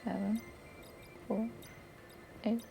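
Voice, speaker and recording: A woman's voice: mid-range voice, level tone, very slow, gravelly, music in the background. A woman playing a video game on a casual stream, narrating her moves and laughing easily with her co-host. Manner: laid-back, narrates her own play, laughs easily. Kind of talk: casual gaming stream chat.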